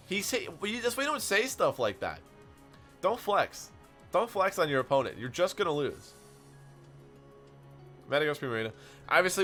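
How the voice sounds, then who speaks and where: A young man streaming a game, telling stories in an animated way and chatting to his viewers. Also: on the high side. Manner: animated storytelling, quick asides to chat. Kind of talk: casual stream commentary while playing.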